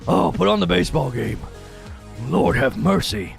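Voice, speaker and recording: A man putting on a gruff grumpy old grandpa. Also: a little high, animated, normal speed, faint music behind. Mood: grumbling. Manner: gruff and grumbling. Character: grumpy old grandfather hooked on soap operas.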